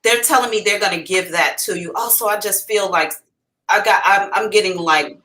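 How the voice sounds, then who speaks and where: Bright-voiced blunt woman psychic. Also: medium pitch, normal speed. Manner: blunt and profane, animated storytelling. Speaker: psychic reader hosting a live stream. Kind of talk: casual live reading.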